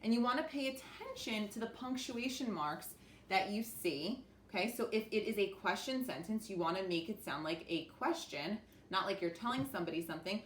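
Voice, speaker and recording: Woman, teacher, slow clear phonics lesson, encouraging, echoey room, faint hiss. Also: mid-range voice, animated. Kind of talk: remote phonics lesson for young children.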